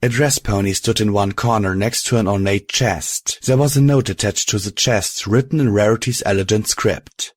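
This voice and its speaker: A male audiobook narrator telling a fan fiction story in a steady, deliberate way. His voice sits on the low side, and the recording is dry and close, with no room sound. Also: no room sound.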